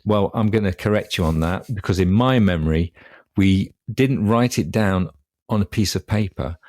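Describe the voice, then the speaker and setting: Deep, dry-witted man in his fifties. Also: moderate pace, a little mellow, dry recording. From Derby, England. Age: 50s. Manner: dry, wry and precise. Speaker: podcast co-host. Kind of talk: casual chat.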